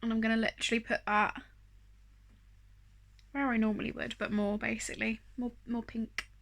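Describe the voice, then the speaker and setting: A woman's voice: on the high side, level tone, normal speed, creaky, a bit bright. A woman chatting casually through a makeup tutorial, rambling and self-deprecating, with plenty of fillers. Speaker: beauty vlogger.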